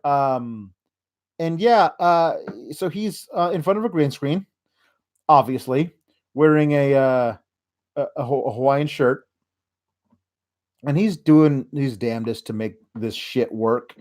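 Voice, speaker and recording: A man's voice: medium pitch, slow, long pauses, darkish tone. A man hosting a podcast, giving a sarcastic, rambling casual recap. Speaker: podcast host.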